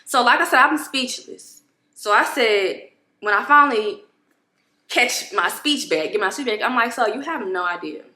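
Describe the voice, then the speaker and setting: A woman vlogger at home, telling a story to camera in an expressive, exasperated way, with many restarts. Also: fairly high pitch, unhurried, roomy sound. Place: home apartment room.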